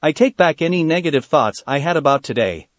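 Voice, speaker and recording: A man's voice: on the high side, lively intonation, fairly quick, no room sound, natural voice. A man voicing a smug, amused teenage boy, reading fan fiction.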